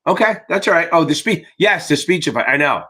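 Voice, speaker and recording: A man's voice: a little high, expressive, a little fast, sharp tone, husky. A middle-aged man, an exam tutor, hosting a casual live Q&A in a rambling, profane, joking way. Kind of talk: casual livestream chat.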